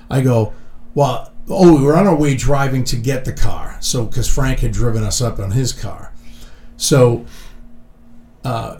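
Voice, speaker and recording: A man's voice: fairly low pitch, distant mic. A middle-aged man telling a profane story in casual chat, acting out what people said. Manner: animated, swears freely, acts out quotes. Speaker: podcast co-host. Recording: echoey room.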